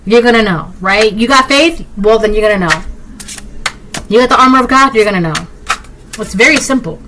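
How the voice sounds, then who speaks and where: Woman, tarot reader, higher voice, blunt, emphatic, repeats herself, talks straight to viewers. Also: fairly quick, background noise. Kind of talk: collective tarot reading.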